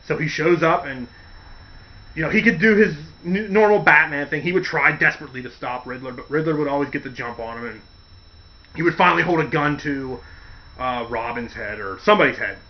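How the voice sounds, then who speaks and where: A man's voice: mid-range voice, moderate pace, dull audio. A man hosting a casual podcast, rambling through stories and acting out quotes along the way. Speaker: podcast host. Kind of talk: casual chat.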